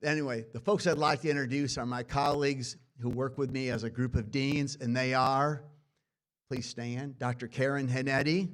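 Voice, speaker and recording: A man's voice: medium pitch, fairly even intonation, moderate pace. Man, Brooklyn accent, ceremony host, folksy, emphatic rhetorical lists, speaking to a live audience. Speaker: dean hosting a student awards ceremony. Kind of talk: ceremony opening speech. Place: college event hall before a live audience.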